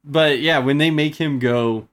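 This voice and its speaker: A woman co-hosting a casual chat, retelling film scenes and slipping into quick voice impressions. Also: low voice. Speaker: podcast co-host.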